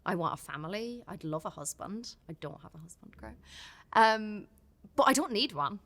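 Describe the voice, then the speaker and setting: Bright-voiced Irish woman, candid guest. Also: mid-range voice, expressive, moderate pace. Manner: open and heartfelt, many restarts. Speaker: podcast guest. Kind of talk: candid casual chat.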